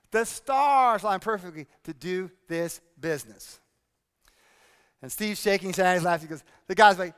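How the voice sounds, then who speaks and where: Man on stage at a seminar, high clear voice, long hall reverb, pumps up the crowd. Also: fairly quick. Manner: energetic, drills the audience with repeated questions. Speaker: speaking coach presenting a workshop. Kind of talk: live seminar presentation to an audience. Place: conference hall with audience.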